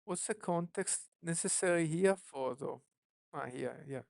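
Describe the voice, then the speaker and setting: Very gravelly voice thinking aloud while coding. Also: mid-range voice, a little mellow, no room sound, clean studio sound. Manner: musing, self-questioning, unhurried. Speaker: app developer streaming live.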